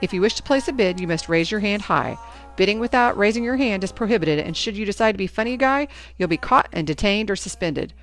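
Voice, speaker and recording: A woman's voice: mid-range voice, lively intonation, brisk, soft background music, pitched above the performer's own voice, natural voice. A woman voicing a stern, formal booster club president running a school auction, with a commanding announcer manner.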